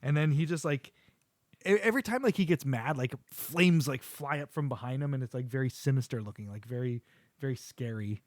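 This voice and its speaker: An animated middle-aged man, hosting a podcast, tells a story while casually recapping a show, acting out quotes and laughing often. His voice is mid-range and fairly quick, recorded in clean studio sound with no room sound.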